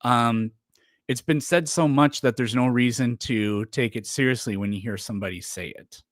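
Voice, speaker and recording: A man's voice: medium pitch, normal speed, no room sound, studio quality. A man chatting casually on a livestream, rambling with lots of fillers and restarts. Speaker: streamer.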